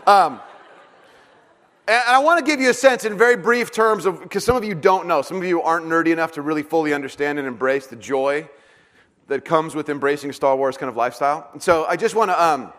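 A man's voice: on the high side, a little fast, fairly bright tone. A man preaching a sermon as a pastor, casual and joking, with many fillers and restarts, in a church hall.

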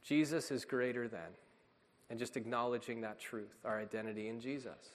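A man's voice: medium pitch, moderate pace. A man preaching a sermon as a pastor, in an earnest, emphatic way. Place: church sanctuary. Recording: long reverb of a church hall.

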